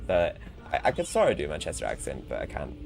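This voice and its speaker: A man's voice: very deep voice, huge pitch swings, quick pace, creaky. A man streaming casual gameplay commentary, chatty, laughing often and swearing. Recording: game music underneath.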